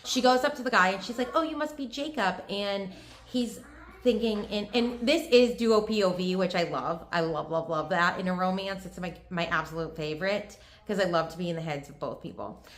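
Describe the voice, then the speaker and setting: Young female book vlogger, casual and gushing, slightly low voice, roomy echo. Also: moderate pace. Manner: chatty, gushing, filler-heavy. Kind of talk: casual book review chat. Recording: echoey room.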